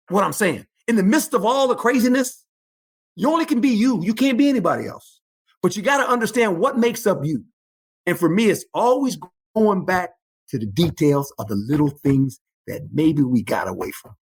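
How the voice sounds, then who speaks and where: Animated husky older man telling stories. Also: high-pitched. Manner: animated, repeats phrases, emphatic bursts. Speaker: guest, former football coach. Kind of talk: storytelling interview.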